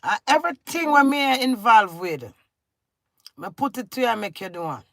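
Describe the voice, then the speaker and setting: A woman's voice: on the high side, big pitch swings, moderate pace, creaky, fairly bright tone, dry recording. A middle-aged Jamaican woman ranting to her husband in a scolding, confrontational way, talking in patois. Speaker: vlogger. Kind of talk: emotional rant to camera.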